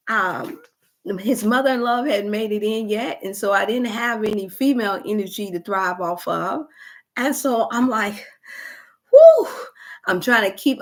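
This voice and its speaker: A woman hosts a wellness talk. She tells a personal testimonial in an animated way, with sighs and exclamations throughout. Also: medium pitch. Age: 50s. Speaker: wellness show host. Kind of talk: testimonial storytelling.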